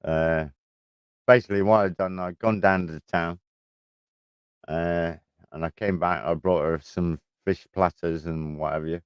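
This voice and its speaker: A middle-aged man rambles through a casual home vlog, laughing now and then and swearing without a second thought. His voice sits low with a smooth, clear tone, recorded close and dry with no room echo. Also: steady tone, a little slow, muffled recording. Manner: rambling, chuckling, swears freely. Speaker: vlogger. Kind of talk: casual chat to camera.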